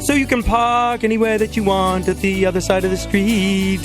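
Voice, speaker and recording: A man's voice: sits high, little pitch movement, moderate pace, over music. A male radio host joking casually with his co-host in a wry, laughing manner. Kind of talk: casual comedic radio chat.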